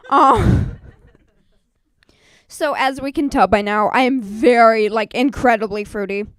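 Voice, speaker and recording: A teenage girl performing a self-mocking stand-up comedy set at an open mic, bursting into loud acted quotes. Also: fairly high pitch, unhurried, pauses often, smooth, dry recording, studio quality. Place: small live performance venue.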